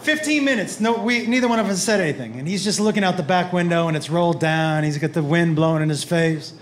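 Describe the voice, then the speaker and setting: A middle-aged man doing stand-up comedy in a club, telling a story and acting out the people in it in quick voices. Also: fairly high pitch. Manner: animated, acts out his son and others in quick voices. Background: audience laughter.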